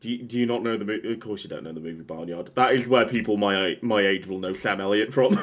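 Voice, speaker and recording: Brief: low-voiced young co-host, deadpan teasing banter. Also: male voice, fast. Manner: dry, teasing. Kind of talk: casual live-stream chat.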